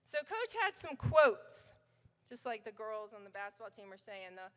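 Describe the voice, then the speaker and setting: A woman's voice: medium pitch, big pitch swings, moderate pace, fairly bright tone. Middle-aged woman, acceptance speech, anecdotal and chatty, reverberant banquet hall, podium mic. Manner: chatty, anecdotal, quotes her coach in his voice. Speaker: hall of fame inductee giving acceptance speech.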